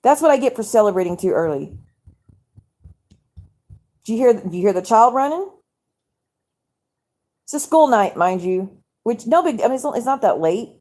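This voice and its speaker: A woman's voice: a little high, animated, normal speed, pauses often, mellow. A woman, hosting a casual live stream at home at night. She vents in an angry, profane, rambling way to her viewers.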